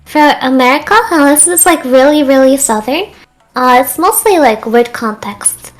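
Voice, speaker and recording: A woman's voice: sits high, moderate pace. A woman, not a native English speaker, chatting casually as a guest, easygoing and laughing often. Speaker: guest streamer. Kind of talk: casual chat.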